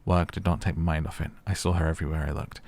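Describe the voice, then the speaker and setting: Deep-voiced man reading game texts aloud. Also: fairly even intonation, very fast, a little mellow, no room sound. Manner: reads in-game texts aloud between casual remarks; chatty, uses "like" a lot. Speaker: gaming YouTuber. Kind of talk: let's play commentary.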